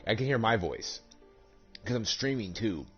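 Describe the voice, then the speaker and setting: A young man streaming a game from home, chatting casually and swearing a lot, laughing and working himself up into loud rants. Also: on the low side, normal speed, soft background music. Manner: animated and profane, laughing, rising to loud excited rants. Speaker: gaming streamer. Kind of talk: casual chat while streaming. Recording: dull lo-fi stream audio.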